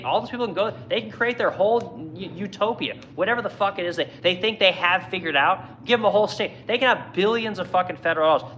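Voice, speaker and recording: A man's voice: high voice, bright, forceful tone, a little hiss or hum, poor audio. A man who owns a furniture business, ranting angrily and swearing constantly in a heated monologue. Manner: profane, angry, heated. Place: furniture workshop in Missouri.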